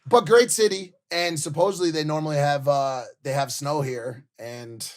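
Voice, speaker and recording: A man co-hosting a podcast in casual chat, loose and full of fillers. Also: a little high. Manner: loose, many fillers like "like", quick to laugh. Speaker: podcast co-host.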